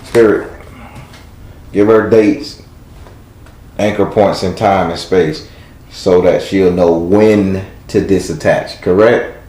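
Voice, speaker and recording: Low-voiced tarot reader, male, blunt and preachy, echoey room. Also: steady tone, takes it slowly, pauses often, dark tone. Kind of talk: live tarot reading.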